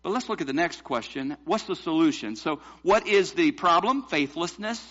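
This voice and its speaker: Bright-voiced preacher, emphatic and questioning. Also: male voice, fairly high pitch, lively intonation, normal speed, lo-fi sound. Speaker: pastor. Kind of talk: sermon.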